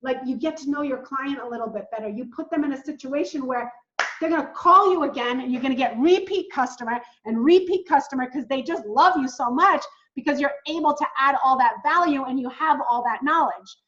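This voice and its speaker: A woman coaching new travel agents in a casual, excitable way, talking straight to viewers as "guys". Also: high voice, brisk, muffled recording. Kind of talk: casual teaching while screen-sharing.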